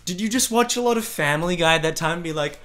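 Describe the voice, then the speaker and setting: A man's voice: fairly high pitch, quick pace, fairly bright tone, soft background music. A man in his twenties with an Australian accent, reacting to his old videos with self-mocking, exasperated commentary. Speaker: vlogger.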